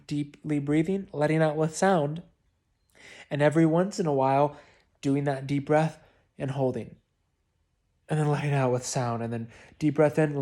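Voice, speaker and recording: A man's voice: fairly high pitch, darkish tone. A man talking a private client through breathwork, in an informal, encouraging way. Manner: encouraging, informal, with frequent sighs and demonstrated laughs. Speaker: breathwork coach. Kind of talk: spoken breathwork instructions.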